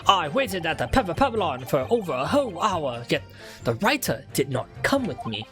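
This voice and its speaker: A woman voicing an evasive, defensive female artist witness, speaking slowly and coyly. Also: deep voice, sing-song, over music.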